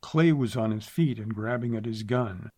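A man reading a western novel aloud in a measured, steady narration. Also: lowish voice. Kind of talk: audiobook narration.

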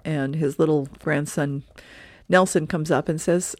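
A woman volunteer reader reading the newspaper aloud for a radio reading service, relaxed and plain, with small self-corrections. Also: sits low, measured pace, dry recording, clean studio sound.

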